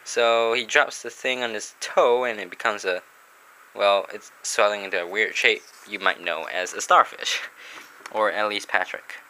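A man's voice: fairly low pitch, fairly even intonation, moderate pace, sharp tone, slight background noise, rough recording. A man casually reviewing a comic book, rambling, chuckling and reading panels aloud.

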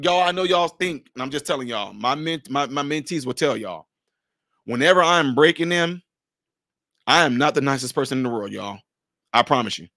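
A man giving a heated, confrontational commentary monologue, firing rhetorical questions and swinging between shouting and low, blunt asides. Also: dry recording, clean studio sound. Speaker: social commentator.

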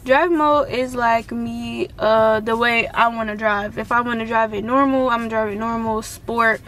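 A young woman of about nineteen, chatting excitedly in a casual vlog from inside her car, with lots of "like" and "um". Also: a little high, normal speed, slight background noise. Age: around 19. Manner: excitable and chatty, full of fillers like "like" and "um". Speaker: vlogger.

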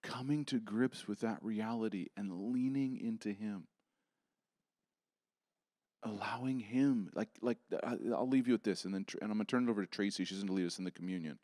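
A man preaching a sermon, rising to strong emphasis and then dropping to soft, near-whispered reassurance. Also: lowish voice, brisk, no echo, studio quality. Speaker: pastor. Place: church.

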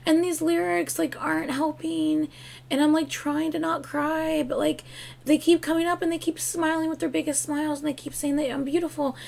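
A woman's voice: sits high, level tone, moderate pace, gravelly. A young woman hosting a reaction video, gushing with emotion and exclaiming often over what she watches. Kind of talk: casual reaction commentary. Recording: loud music video playing behind. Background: music.

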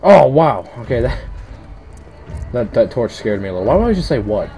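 A man's voice: medium pitch, sing-song, brisk, dark tone, faint music behind. A man giving casual, rambling commentary while playing a horror game, easily startled and yelping at scares, on a headset mic. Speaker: let's play commentator.

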